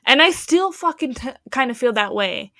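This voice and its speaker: A woman's voice: high voice, expressive, normal speed, pushed and bright, no echo, studio quality. Heated, foul-mouthed young woman ranting. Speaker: podcast co-host. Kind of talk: casual chat.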